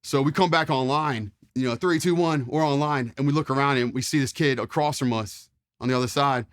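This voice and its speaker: A former Marine in his forties from Charlottesville, Virginia, appears as an interview guest, telling stories casually in a mid-range, slightly fast voice. He rambles with lots of fillers and mild swearing, acting out quotes as he goes.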